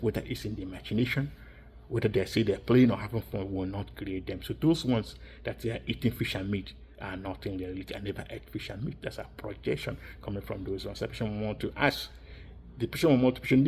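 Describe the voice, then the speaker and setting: A man's voice: lowish voice, darkish tone, slight background noise. A man giving a rambling, insistent monologue, repeating and restarting his phrases as he circles his points. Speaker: vlogger.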